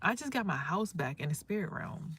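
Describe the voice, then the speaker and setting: Loud, preachy woman livestreaming. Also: fairly low pitch, very animated, a little fast, husky. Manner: loud and emphatic, profane, preachy. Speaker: livestream host. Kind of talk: casual livestream talk with spiritual advice.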